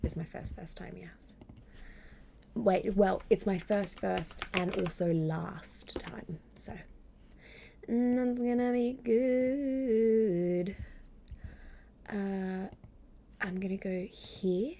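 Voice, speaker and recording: A woman streaming live from home at a desk microphone, reading aloud and chatting in a gentle, wry voice that often drops to a half-whisper. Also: on the low side, fairly even intonation, slow pace, gravelly, a little hiss or hum. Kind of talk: soft-spoken stream reading and chat.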